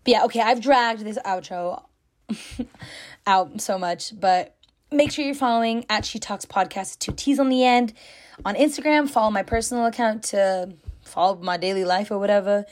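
A woman's voice: medium pitch, normal speed. A young woman hosting her own podcast, talking to listeners in a gushing, chatty way and filling her sentences with "like". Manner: gushing and chatty, heavy use of "like". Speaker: podcast host. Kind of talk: casual solo podcast chat.

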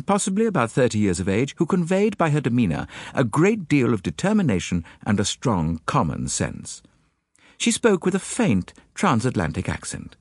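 Expressive low-voiced male audiobook narrator. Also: breathy edge, no room sound, studio quality. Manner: measured, expressive storytelling. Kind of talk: first-person scripted narration.

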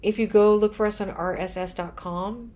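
A woman's voice: medium pitch, steady tone, moderate pace, darkish tone. A woman hosting a podcast in casual chat, tired and punch-drunk, rambling and laughing at herself. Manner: rambling, self-deprecating, laughing often. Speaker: podcast host.

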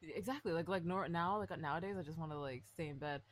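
A woman in her twenties co-hosting a podcast, telling a story in casual chat, animated and full of fillers, swearing freely. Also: deep voice, quick pace. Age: 20s. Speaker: podcast co-host.

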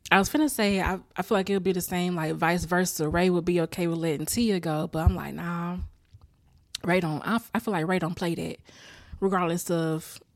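A woman's voice: lowish voice, fairly even intonation, fairly quick, no room sound. A woman in casual chat recapping a TV episode, laughing often and acting out the characters' lines. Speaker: show recapper.

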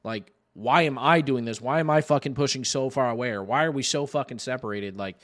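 A man's voice: mid-range voice, a little fast. A man hosting a podcast, telling a long story in casual chat, rambling and cursing freely with many fillers as he acts out what others said. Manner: rambling and heavy on profanity, with lots of "like" fillers; animated, re-enacts others in quoted asides. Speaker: podcast host.

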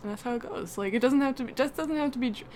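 A woman's voice: high voice, racing, a little mellow, a little hiss or hum. A young woman cohosting a podcast in casual chat, rambling and giggly with lots of "like".

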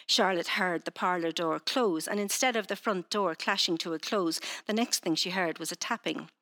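A woman's voice: lowish voice, normal speed. Hesitant woman author, then reading her novel. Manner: hesitant, many fillers in chat; steady when reading.

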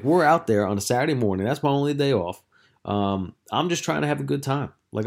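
A man's voice: medium pitch, darkish tone. A young man hosting a casual solo podcast as a coach, telling stories in a rambling, profane way with lots of filler words.

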